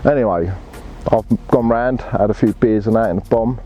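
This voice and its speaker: Deep-voiced angler, blunt and laddish. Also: male voice, normal speed, dark tone, muffled recording, slight background noise. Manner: blunt, swears freely, laddish slang. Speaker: angler telling his story. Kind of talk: casual storytelling.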